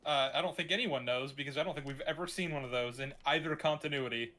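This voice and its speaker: A man in casual gaming chat over a call, talking in animated, swearing rants with stammered restarts. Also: on the high side, quick pace. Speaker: co-host.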